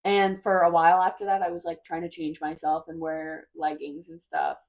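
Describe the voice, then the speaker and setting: A young woman in her twenties talks to her viewers in a loose, confessional way. Her voice sits a little low, and she rambles, circling back and hedging as she goes. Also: flat delivery, normal speed, darkish tone. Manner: rambling, hesitant, full of "like" and "I don't know". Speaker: vlogger. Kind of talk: casual confessional chat.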